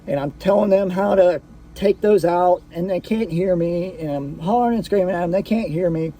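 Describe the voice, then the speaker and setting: High-voiced man telling a personal story. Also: moderate pace, mellow. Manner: casual, profane, full of fillers and restarts.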